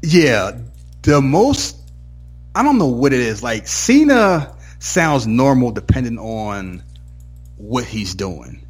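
A man's voice: mid-range voice, very animated, takes it slowly, husky, soft background music. A man co-hosting a casual talk podcast, telling stories in a laid-back way and slipping into impressions of others. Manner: laid-back storytelling, drifts into mimicking others. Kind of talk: casual chat.

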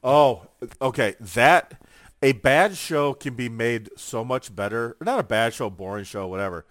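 Speaking at a measured pace in a medium pitch, this podcast co-host animatedly tells stories on a casual chat show and performs other people's lines. The recording is studio quality with no echo.

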